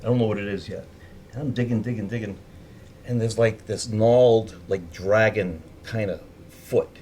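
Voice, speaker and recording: A man spins a story for a live crowd in a relaxed, conversational way. He drops casual swears and pops his voice up high whenever he acts out what someone else said. A faint hiss sits under the recording. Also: moderate pace. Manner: animated, acting out the people he quotes with higher voices.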